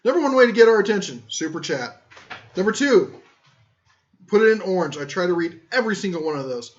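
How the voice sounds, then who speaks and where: A high-voiced man rambles through a casual tool-talk live stream, cracking jokes at his own expense as he reads chat. The audio is muffled and lo-fi, like a cheap stream mic. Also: very animated, fairly quick. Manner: rambling, joking, self-deprecating. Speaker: tool channel host.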